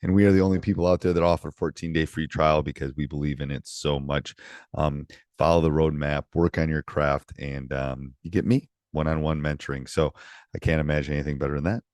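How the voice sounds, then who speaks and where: A middle-aged man hosts a basketball coaching podcast in a very low, deep voice. He talks loosely, circling back with ums and restarts. The sound is dry and close. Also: fairly quick, no echo. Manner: relaxed, rambling, many ums and restarts. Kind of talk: casual podcast chat with ad reads.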